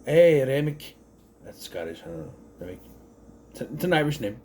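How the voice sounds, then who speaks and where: A man reviewing a film in a loose, unscripted way, his pitch swinging up and down a lot as he talks. He rambles, restarts sentences and corrects himself mid-thought. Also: sing-song, moderate pace, darkish tone, slight background noise. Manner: rambling, self-correcting, thinks aloud with many restarts. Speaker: movie reviewer. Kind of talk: casual spoken movie review.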